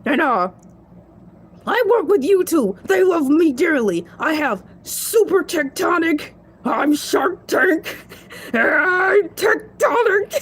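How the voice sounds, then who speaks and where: A woman's voice: high-pitched, sing-song, slow pace, full character voice. A woman voicing a cocky male shark who hosts a show, chatting playfully and bragging as he rambles. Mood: chatty. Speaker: stand-in show host. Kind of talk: comedic solo character show.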